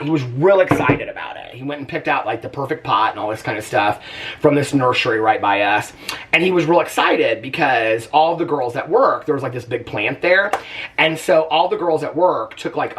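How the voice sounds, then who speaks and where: A man vlogging casually to camera at home, talking in a chatty, animated way with plenty of fillers and laughs. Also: medium pitch, far from the mic. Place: at home, indoors.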